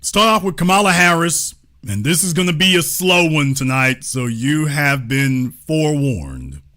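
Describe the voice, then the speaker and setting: A man's voice: a little high, expressive, measured pace, sharp tone. A man hosting a political commentary show, speaking in a grandiose, sarcastic, preacher-like manner. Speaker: host.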